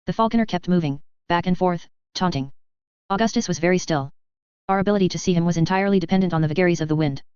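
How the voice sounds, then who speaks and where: Clear, low-voiced woman reading a novel. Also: fast, darkish tone, dry recording. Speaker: audiobook narrator. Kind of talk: first-person novel narration. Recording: slightly dull, dry close recording.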